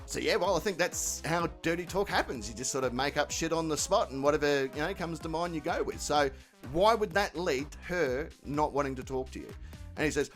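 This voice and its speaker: A man's voice: on the high side, expressive, normal speed, fairly bright tone, faint music behind. An Australian man hosting a comedic commentary show, crude and mocking, swearing constantly. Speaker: commentary channel host.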